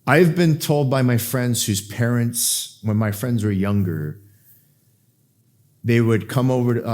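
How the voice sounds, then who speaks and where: A man preaching a verse-by-verse sermon, acting out the people in the scripture with sudden jumps in pitch and dropping to a hushed voice at tender points. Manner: drops to a soft, hushed voice for emotional moments. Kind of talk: expository sermon.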